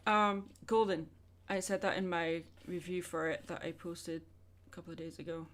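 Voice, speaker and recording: Her fairly low voice is flat, at normal speed with hardly any pauses. A young art streamer, she chats casually with viewers during a drawing livestream, rambling and responding to questions along the way.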